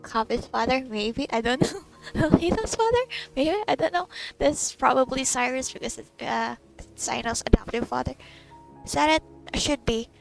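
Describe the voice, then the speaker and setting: A woman's voice: fairly high pitch, steady tone, normal speed, creaky, hardly any pauses, soft background music, rough recording. A young woman, reacting to a game in a giddy, emotional way, stammering and laughing. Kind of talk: casual live reaction.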